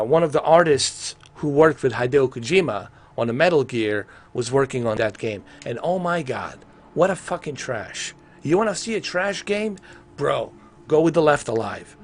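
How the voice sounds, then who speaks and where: Animated, swearing male game streamer. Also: fairly high pitch. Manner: excitable, rambling, swears casually. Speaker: gaming live streamer. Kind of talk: casual live-stream commentary.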